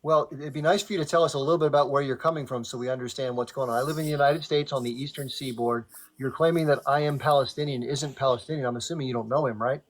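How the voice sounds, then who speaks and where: A man's voice: medium pitch, steady tone, quick pace, hardly any pauses. A man hosting a live stream debate, firmly cutting in to keep order. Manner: firm, cuts in to keep order. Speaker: live stream host and moderator.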